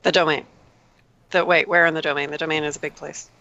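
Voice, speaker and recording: A woman's voice: sits low, level tone, fast talker, sharp tone, dull audio. A woman player in a tabletop game, playful and chatty.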